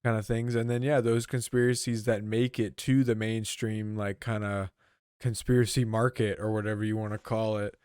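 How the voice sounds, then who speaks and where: A man's voice: fairly low pitch, little pitch movement, moderate pace, darkish tone, smooth, no room sound, clean studio sound. A young man co-hosting a podcast in casual chat, rambling and trailing off as he thinks aloud. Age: young adult. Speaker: podcast co-host.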